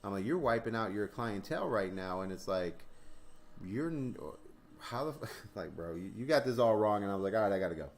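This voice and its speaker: A man hosting a crypto stream in casual chat, telling animated stories, acting out dialogue, swearing and laughing often. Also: lowish voice, a little fast, a little hiss or hum.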